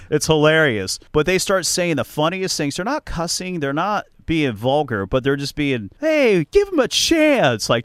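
A man hosting a podcast, telling stories in a chatty, animated way and laughing often. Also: mid-range voice, dry recording, clean studio sound. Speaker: podcast host. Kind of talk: casual chat.

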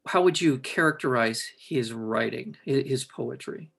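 A man interviewing a guest, asking questions in a halting way and rephrasing them mid-sentence. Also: mid-range voice, gravelly, a bit bright, slightly rough.

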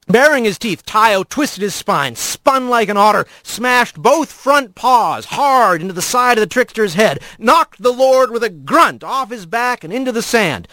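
A man narrating fiction in a dramatic, expressive audiobook reading. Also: high-pitched, unhurried, hardly any pauses, dry recording, studio quality.

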